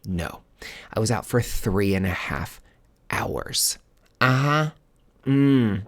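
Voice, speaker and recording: A man with a fairly low voice hosts a podcast and tells a personal story off the cuff. He rambles through fillers and restarts, then leaps up in pitch when he acts out what people said. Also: expressive, takes it slowly. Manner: acts out quoted dialogue with sudden high outbursts. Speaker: podcast host. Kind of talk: casual storytelling.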